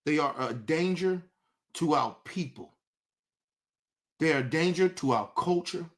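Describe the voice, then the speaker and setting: Heated man ranting with lively pitch. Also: measured pace. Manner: heated and profane, swinging between shouting and low intensity. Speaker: show host. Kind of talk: impassioned commentary rant.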